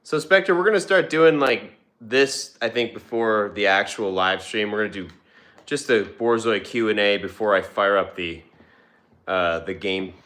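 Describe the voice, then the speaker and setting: A man's voice: lowish voice, unhurried, fairly bright tone. A young man hosting a casual livestream from home, talking loosely with fillers and restarts, recorded on a phone. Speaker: livestream host and dog owner. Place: home, with dogs nearby. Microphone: phone on a tripod, vertical stream.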